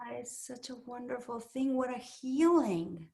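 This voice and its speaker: A woman leading a meditation group, speaking in a slow, soothing and affirming way as she responds to participants. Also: a little high, animated, gravelly, a little mellow. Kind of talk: gentle guided group sharing.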